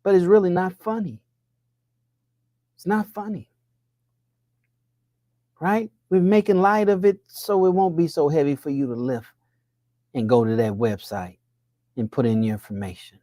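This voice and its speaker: Speaking a little slowly and pausing often, this male money coach preaches a motivational money message packed with rhetorical questions. His mellow delivery keeps a fairly even intonation, though his pitch climbs when he drives a point home. It's a dry, studio-quality recording.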